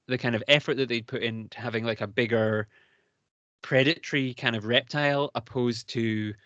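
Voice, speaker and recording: A man's voice: mid-range voice, steady tone, normal speed, a bit bright, no room sound, lo-fi sound. A British man co-hosting a podcast, talking in an enthusiastic, rambling way and laughing often. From United Kingdom. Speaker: podcast co-host. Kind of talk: casual chat.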